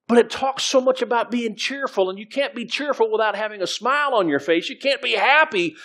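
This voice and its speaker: A man's voice: extremely high pitch, fairly quick, sharp tone. A middle-aged man preaching as pastor, conversational, with frequent restarts and scripture readings. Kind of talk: sermon.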